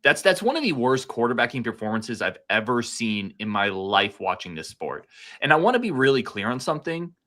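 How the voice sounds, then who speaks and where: A man co-hosting a casual sports podcast, fired up and talking like an excited fan, a few beers in. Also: mid-range voice, a little fast. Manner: fired-up, animated fan talk. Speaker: podcast co-host.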